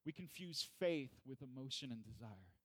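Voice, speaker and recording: A man's voice: medium pitch, expressive, normal speed, a bit bright, no echo. A man preaching a sermon in a conversational way, acting out pleading questions with rising intensity.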